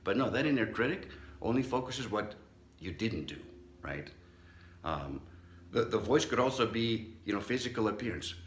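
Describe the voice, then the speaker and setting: A man's voice: fairly low pitch, big pitch swings, normal speed, a bit bright, slight background noise. Man, middle-aged, psychologist, motivational talk, acts out the voices he quotes, echoey room. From Southern California. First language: not English. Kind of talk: motivational talk with personal story.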